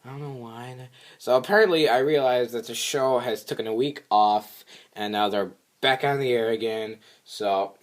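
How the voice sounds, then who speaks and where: A young man, a regular vlogger, recapping a cartoon episode in a rambling, filler-heavy way. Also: moderate pace. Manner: rambling, filler-heavy, squeaky voices for quotes.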